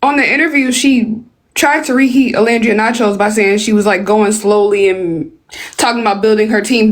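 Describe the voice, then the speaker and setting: A woman's voice: mid-range voice, low-quality recording. A woman on a podcast panel, giving wry, critical comments. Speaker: panel guest. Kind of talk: casual panel discussion.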